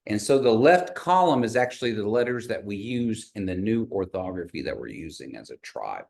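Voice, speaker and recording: A man's voice: fairly low pitch, very animated, moderate pace, creaky, a little mellow. A man teaching a language class in a classroom, patiently modeling sounds and having the learners repeat them. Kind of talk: classroom pronunciation lesson.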